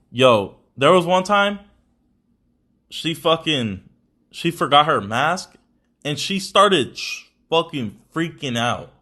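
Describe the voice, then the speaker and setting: A man's voice: mid-range voice, a bit bright. A young adult man hosting a podcast, talking in casual, rambling chat full of slang and swearing. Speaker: podcast host.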